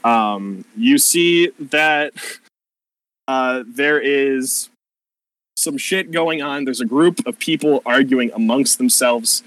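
A man's voice: medium pitch, slow, a bit bright, dry recording, poor audio. A man narrating a tabletop game as game master, casual and profane, rambling with plenty of fillers.

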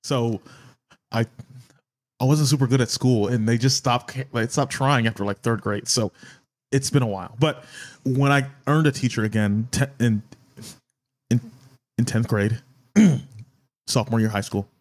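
A young man hosts a loose, joking podcast and keeps losing his thread, laughing and apologizing to his co-hosts. His voice sits at a plain middle pitch, and he talks in quick, casual bursts. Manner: laughing, flustered, often apologizing. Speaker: podcast host. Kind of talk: casual chat.

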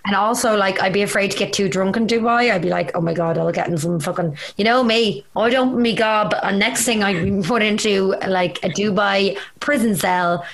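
A woman in casual chat, with what she calls a loud foghorn voice, reacting and joking with her co-host. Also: mid-range voice, moderate pace, creaky, few pauses.

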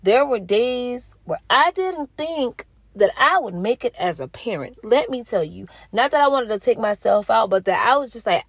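A woman's voice: normal speed, hardly any pauses, no room sound. Earnest woman preaching to her viewers. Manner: earnest, preachy, talks straight to the audience; expressive, jumps into high pitch when quoting herself. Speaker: mother sharing a spiritual message. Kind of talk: casual spoken testimony to viewers.

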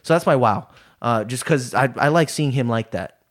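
A man's voice: mid-range voice, expressive, normal speed. A young man co-hosting a podcast, chatting casually, rambling with restarts and swearing freely. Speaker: podcast co-host. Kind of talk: casual chat.

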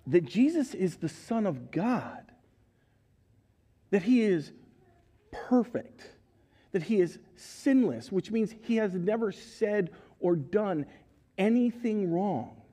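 A man preaching to his church, telling the story with animated energy. His voice sits high and leaps up and down in pitch. He asks the congregation questions and acts out the people in the story. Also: slow, long pauses. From United States. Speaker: pastor. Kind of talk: sermon. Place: church sanctuary.

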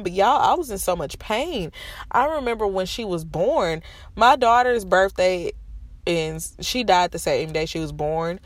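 A vlogger in her thirties sits in her parked car in a school parking lot, frankly and emotionally sharing a painful personal story. Her nose is stuffy from holding back tears. Her voice is medium-pitched with lively intonation and a measured pace, and the recording is dry.

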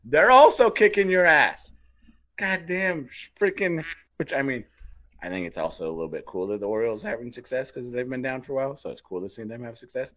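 A man's voice: medium pitch, big pitch swings, fairly quick. A man co-hosting a sports podcast, delivering a heated, profane rant. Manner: profane, fired-up ranting. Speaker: podcast co-host. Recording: dull lo-fi podcast audio.

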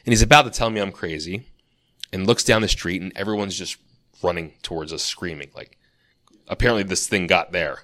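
A man's voice: low voice, fast, a bit bright. A man co-hosting a podcast, casually telling a long dream story, full of "like" and restarts. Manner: rambling storyteller, lots of "like". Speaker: podcast co-host.

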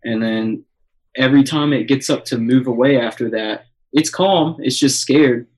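Young man, casual storyteller, sweary, mid-pitched, talks in bursts with lots of fillers. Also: moderate pace, low-quality recording. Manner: excited, swears a lot, many fillers. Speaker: guest telling a story.

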